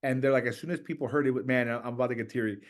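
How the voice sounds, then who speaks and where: A middle-aged man, a church planter and podcast guest, telling stories in conversation and acting out quoted voices with a rising pitch. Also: racing. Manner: animated, acts out quoted voices with raised pitch. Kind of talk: storytelling in conversation.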